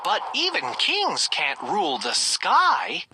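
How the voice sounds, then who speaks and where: A storybook narrator voicing a young page boy who reasons with his king in a soft, pleading way. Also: mid-range voice, huge pitch swings, slow, vocal fry, background noise, full character voice.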